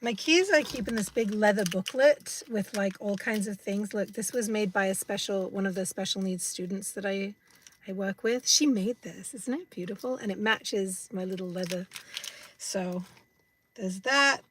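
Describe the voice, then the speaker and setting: A woman's voice: medium pitch, moderate pace, fairly bright tone, slight background noise. Woman in her fifties with an English accent, streaming from her parked car, chatty and rambling. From United States. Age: 50s. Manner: rambling, chatty, many fillers. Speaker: live streamer. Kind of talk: casual live-stream chat.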